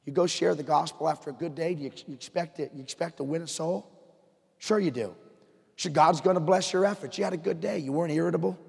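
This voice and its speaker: A male pastor preaching in a church, his slightly husky voice trailing off into a long hall reverb. He swings between quiet, confiding stretches and bursts of fired-up emphasis. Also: a little high, quick pace. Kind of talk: sermon. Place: church sanctuary.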